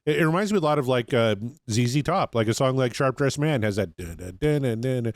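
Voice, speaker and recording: A man's voice: medium pitch, lively intonation, fairly quick, no room sound, clean studio sound. A man hosting a casual music podcast, talking in an easygoing, conversational way and steering the discussion. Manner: easygoing, conversational, leads the talk. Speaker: podcast host. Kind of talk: casual chat about music.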